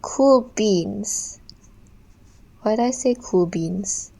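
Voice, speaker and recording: A woman's voice: medium pitch, drawn-out words, creaky, mellow, husky, poor audio. A young woman, an art streamer, chatting casually and ramblingly while she draws, full of slang. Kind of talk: casual chat while drawing.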